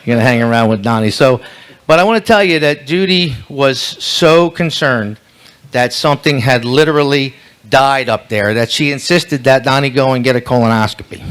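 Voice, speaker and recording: A man's voice: medium pitch, fairly bright tone, clean tone. A man telling bawdy roast jokes at a live banquet event, rambling through setups and losing his place now and then. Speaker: roaster, emcee. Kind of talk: comedy roast joke-telling.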